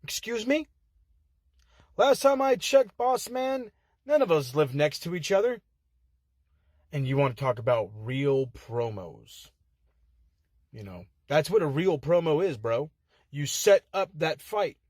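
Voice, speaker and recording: A man's voice: fairly high pitch, very animated, unhurried, pauses often, a little mellow, dry recording, studio quality. Profane, heated man cutting a wrestling promo. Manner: profane, heated, swaggering trash talk. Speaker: contestant in an online promo-cutting contest. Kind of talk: wrestling trash-talk promo. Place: inside a car.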